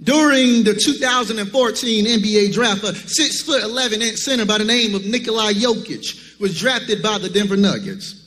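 A man's voice: high-pitched, animated, normal speed, few pauses, sharp tone, big-room sound. A man preaching a sermon in a rhythmic style, calling out to the congregation.

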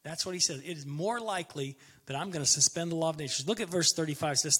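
A man's voice: on the high side, fast, hardly any pauses, a bit bright, slightly rough. A man giving a conversational sermon as a pastor, emphatic and fond of repeating his key phrases.

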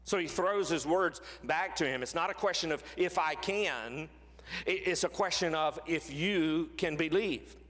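A man preaching a sermon as pastor, earnest, slowing and dropping his voice on key phrases. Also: on the high side, a bit bright. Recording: long reverb of a large hall.

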